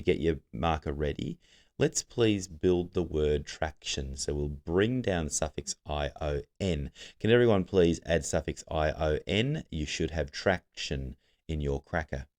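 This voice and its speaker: A man's voice: extremely low pitch, darkish tone. A man teaching a recorded literacy lesson, giving patient step-by-step instructions to students.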